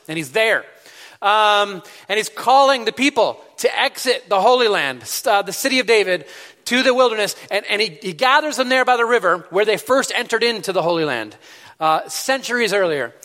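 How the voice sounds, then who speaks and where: A man preaching a relaxed, chatty sermon, full of fillers and restarts. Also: sits high. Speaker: pastor. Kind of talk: casual sermon. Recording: reverberant hall.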